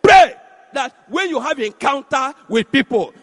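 A man preaching a sermon, shouting and exhorting the congregation with repeated phrases. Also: extremely high pitch, expressive, moderate pace. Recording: echoey hall.

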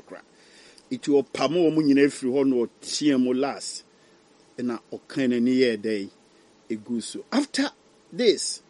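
A man's voice: medium pitch, lively intonation, measured pace, long pauses, darkish tone. Dramatic preacher, man. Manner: switching between English and Twi, dramatic rises and drops. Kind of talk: sermon.

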